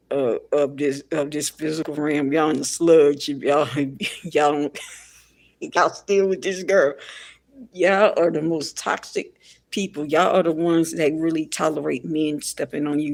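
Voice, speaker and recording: A woman's voice: sits low, vocal fry, a little mellow. A woman giving ranting pop culture commentary in a blunt, repetitive and exasperated way.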